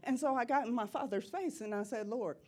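A middle-aged woman giving an impassioned preaching testimony in church, repeating phrases and rising to loud cries. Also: fairly high pitch, brisk, slightly rough.

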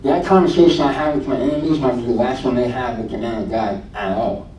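This late-20s man talks fast and warmly while giving a casual testimony about his faith, replaying conversations with plenty of "I'm like." The mic sits far off in an echoey space, and a faint low rumble runs underneath.

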